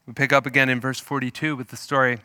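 A man preaching a sermon, retelling a scripture story in an animated, storytelling way. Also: medium pitch, fast talker, dry recording, studio quality. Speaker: pastor.

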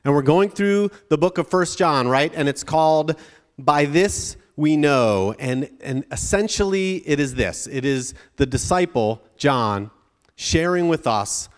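A man gives a sermon to students in an easy, conversational way and keeps tossing the crowd quick "right?" checks. His voice sits at an ordinary middle pitch. It carries a long reverb from a large hall. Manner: conversational, frequent tag questions. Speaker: pastor.

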